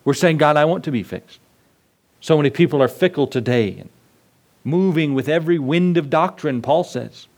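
A man's voice: a little high, lively intonation, normal speed, darkish tone. A male pastor delivering a sermon to his congregation in a conversational way, often asking questions and answering them himself.

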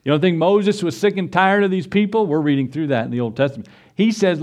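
A man's voice: fast, few pauses, darkish tone. Man preaching with rising urgency. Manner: rising to a high, urgent pitch when preaching, acting out biblical voices. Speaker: pastor. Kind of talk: sermon.

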